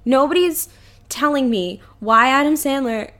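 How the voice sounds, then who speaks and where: A woman co-hosting a podcast, telling a story in animated casual chat and acting out the characters. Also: sits high, a little slow. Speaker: podcast co-host.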